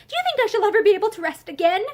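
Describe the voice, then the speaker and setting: A woman reading aloud voices a distraught young mother, high, trembling and tearful. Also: sing-song, very fast. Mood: desperate.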